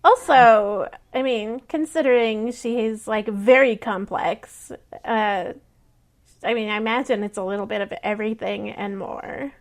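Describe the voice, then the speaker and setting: A woman's voice: a little high, unhurried. A woman co-hosting a podcast, chiming in with brief, wry remarks. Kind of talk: casual podcast chat.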